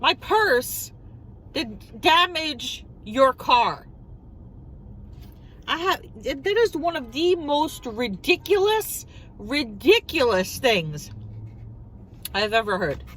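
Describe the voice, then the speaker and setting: A high-pitched woman with a voice that leaps up and down as she tells her story. She is a middle-aged vlogger talking casually while she eats, and she sounds animated and incredulous, firing off one rhetorical question after another. A faint hum of noise sits under her voice. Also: slow, long pauses, low-quality recording.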